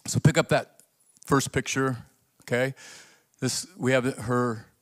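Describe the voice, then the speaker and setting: A man pastor preaching a sermon, telling a story with acted-out quotes and building to emphatic, near-shouted points. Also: medium pitch, slow. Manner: animated storytelling, acts out quoted voices.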